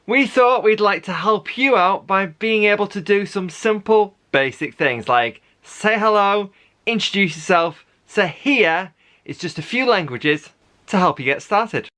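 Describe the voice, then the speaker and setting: A man hosting a video and giving an upbeat, clear introduction. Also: high voice, lively intonation, measured pace, pushed and bright. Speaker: host.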